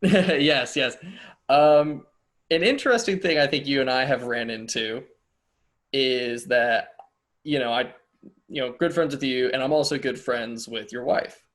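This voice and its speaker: Chatty interviewer, loose and filler-heavy. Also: male voice, mid-range voice, unhurried, a bit bright. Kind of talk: casual interview conversation.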